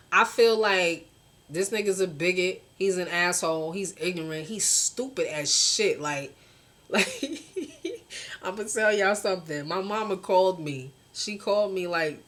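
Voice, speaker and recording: A woman's voice: fairly low pitch, a bit bright. A young woman, venting bluntly and passionately in a casual vlog, swearing often and talking straight to her viewers. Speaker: vlogger.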